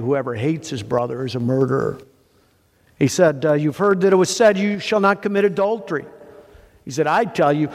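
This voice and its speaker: A male pastor preaching a sermon, animated and conversational, asking rhetorical questions and building long lists of words. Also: high voice, long reverb tail.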